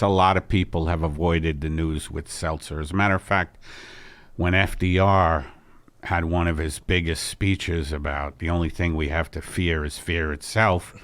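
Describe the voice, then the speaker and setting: A man's voice: a bit bright, no echo. A man voicing a pompous older husband who lectures his wife, in an improvised comedy sketch. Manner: low, droning, lecturing.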